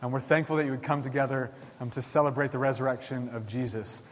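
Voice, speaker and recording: A man's voice: medium pitch, fairly even intonation, fast. A man pastor preaching a sermon, building with repeated declarations and frequent restarts. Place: large church hall. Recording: long hall reverb.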